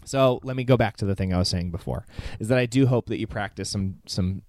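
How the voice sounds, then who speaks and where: A young man in his twenties giving a halting, heartfelt message to his father, near tears and cursing casually. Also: fairly low pitch, darkish tone, dry recording, clean studio sound. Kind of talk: personal spoken message.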